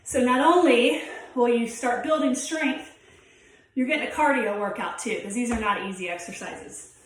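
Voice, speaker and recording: A woman's voice: on the high side, moderate pace, a little hiss or hum. A young woman teaching a home workout, demonstrating the moves as she talks and sounding out of breath. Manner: encouraging, demonstrating while talking. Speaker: fitness instructor. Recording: very echoey room, mic from far off.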